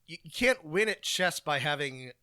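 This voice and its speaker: A man's voice: on the high side, very animated, moderate pace, bright, forceful tone, clear, resonant tone, dry recording, clean studio sound. A man co-hosting a podcast in casual chat, rambling and hesitant with many ums and restarts. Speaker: podcast co-host.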